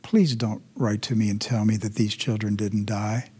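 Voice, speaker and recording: Husky-voiced man ranting indignantly. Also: fairly low pitch, flat delivery, moderate pace. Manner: indignant, swings from loud ranting to hushed emotional. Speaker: host. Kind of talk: opinionated commentary show.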